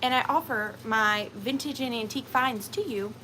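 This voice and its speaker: Woman, livestream sale host, chatty and giggly, slightly high voice, faint hiss behind. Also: normal speed, sharp tone, poor audio. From Georgia, USA. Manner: chatty, rambling, laughs often, lots of fillers. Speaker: host of a live vintage and antique sale. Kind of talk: casual livestream chat.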